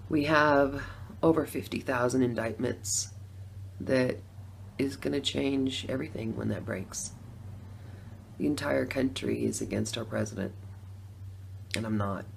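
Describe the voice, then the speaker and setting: A woman's voice: extremely low pitch, unhurried, gravelly, pauses often, slight background noise. A middle-aged woman telling a personal story in a casual, conversational way. She laughs often and acts out her own reactions. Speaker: former Democrat voter telling her story.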